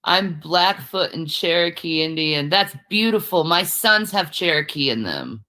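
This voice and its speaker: Woman livestreamer, chatty and casual, bright forward voice. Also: deep voice, animated, a little slow. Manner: chatty, talking to viewers while cooking.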